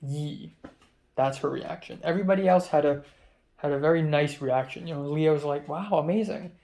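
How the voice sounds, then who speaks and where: A young man recounts his day to the camera in a loose, rambling vlog diary, often correcting himself mid-story. His voice sits a little high, and it sometimes drops to a low mumble. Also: steady tone, fairly quick, vocal fry, mellow. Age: young adult. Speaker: vlogger.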